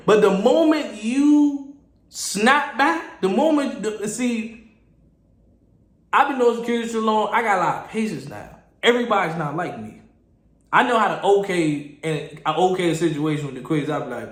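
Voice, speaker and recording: High-pitched guy ranting animated podcast style, echoey room. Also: normal speed. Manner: animated storytelling, mimicking people. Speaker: podcast host, security guard. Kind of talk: casual podcast monologue.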